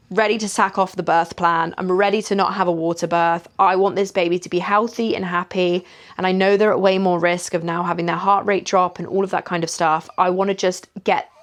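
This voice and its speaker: Chatty woman telling her story. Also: on the low side. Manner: chatty, candid, frequent "like" and "you know". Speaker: vlogger. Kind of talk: casual storytelling.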